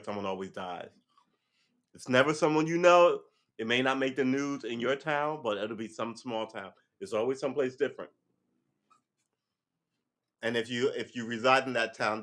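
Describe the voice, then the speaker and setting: Wry, low-voiced man musing on headlines. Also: fairly bright tone. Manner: sarcastic, offhand, thinks aloud. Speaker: commentator reading news headlines. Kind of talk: casual live-stream commentary.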